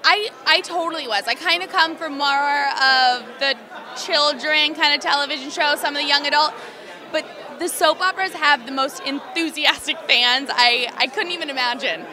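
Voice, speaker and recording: A woman's voice: high-pitched, moderate pace. A young adult woman, an actress, chatting in a bubbly, giggly way with lots of fillers at an outdoor red carpet event. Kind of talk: casual red carpet chat. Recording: busy crowd noise outdoors.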